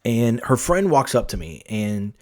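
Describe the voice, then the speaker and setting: A man hosting a podcast, telling stories in a casual, animated way, swearing freely and restarting his sentences. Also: medium pitch, measured pace. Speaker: podcast host. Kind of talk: casual storytelling.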